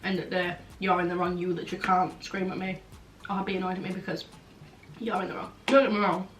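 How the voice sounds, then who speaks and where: A woman's voice: lowish voice, flat delivery, fast. Frank young woman vlogging. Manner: frank, blunt, chatty, many "like" fillers. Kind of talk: casual chatty Q&A. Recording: roomy, slightly distant, faint background noise.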